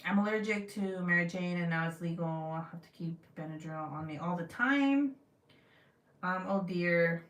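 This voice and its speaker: A woman's voice: on the low side, a little fast, few pauses. A young woman vlogger telling a story in casual, profane chat, acting out the people she quotes. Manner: animated, profane, acts out quotes in her retelling. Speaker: craft vlogger. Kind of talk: casual storytelling chat, reading live comments. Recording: roomy sound from a distance.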